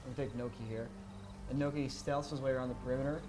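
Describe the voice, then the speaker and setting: A man playing a tabletop game in a playful, quick way. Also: mid-range voice, fairly even intonation. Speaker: player. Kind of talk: casual tabletop game chat. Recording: background music under voices.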